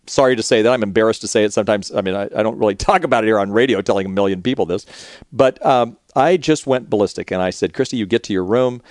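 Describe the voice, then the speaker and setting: Man, middle-aged, radio host, quick storyteller, low voice, dry sound. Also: a little mellow, no echo. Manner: candid, storytelling, quick-paced. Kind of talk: conversational radio talk.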